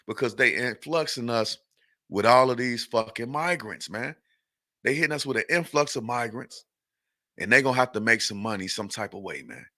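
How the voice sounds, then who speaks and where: A man's voice: mid-range voice, sharp tone. A man hosting a news podcast, rambling and profane, tacking "man" onto nearly every sentence. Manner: acts out an angry exchange in a raised voice. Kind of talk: loose profane news commentary.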